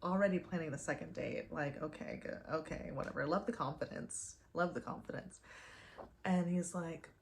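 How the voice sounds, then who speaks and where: A woman's voice: deep voice, normal speed, creaky, a little hiss or hum. A young woman telling a dating story casually, chatty and full of "like" fillers. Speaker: vlogger.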